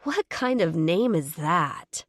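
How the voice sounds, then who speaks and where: A woman voicing a sarcastic, quick-tempered young woman photographer in her twenties. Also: fairly low pitch, big pitch swings, dry recording, studio quality, heavily acted. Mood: exasperated. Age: 20s. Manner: sarcastic, exasperated.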